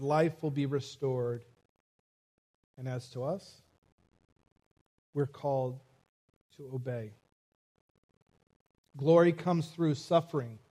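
Slow-paced male preacher, slightly high. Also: warm tone. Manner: preaching with rising intensity, measured pacing. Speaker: pastor. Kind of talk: sermon.

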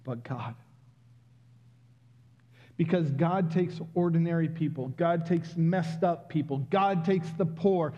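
Guy preaching in church, slow and deliberate, kinda highish voice, muffled lo-fi sound. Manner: personal, builds to loud exclamations. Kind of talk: sermon.

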